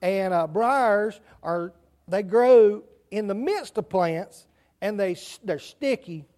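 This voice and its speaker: A man with a country accent leads a children's sermon in a church sanctuary. His voice sits high, and he keeps it conversational, asking the kids questions and chatting with them as he goes. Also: animated, slow, a little mellow. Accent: rural Southern US country.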